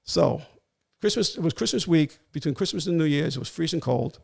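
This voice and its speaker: Gravelly older New storyteller man. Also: fairly high pitch, fairly quick. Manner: animated, acts out quoted voices. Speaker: retired police warrant officer. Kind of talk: storytelling in a casual interview.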